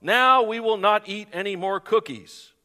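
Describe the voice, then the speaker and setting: A man's voice: sits high, a little slow, big-room sound, voice pushed up, heavily acted. A man as a patient, sensible frog. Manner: calm, reasoning.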